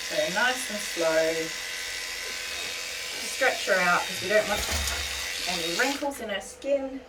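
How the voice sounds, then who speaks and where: A young woman talks gently and patiently, coaxing a nervous dog and calmly explaining what she is doing. She sits a little back from the mic. Loud buzzing electric clippers run under her voice. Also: mid-range voice, a little slow, recorded from a distance, very noisy. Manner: soft soothing coaxing, calm step-by-step explaining. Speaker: dog groomer. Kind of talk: narrated grooming video. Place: grooming salon.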